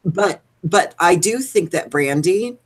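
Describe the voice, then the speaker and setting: A woman's voice: lowish voice, animated, slow. A woman co-hosting a live show, ranting animatedly about celebrity gossip. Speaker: co-host. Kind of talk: casual chat.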